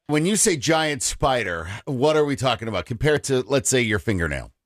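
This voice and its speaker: Teasing radio co-host, lively pitch. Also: moderate pace, no room sound, studio quality. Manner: teasing, skeptical banter. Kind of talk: casual radio chat.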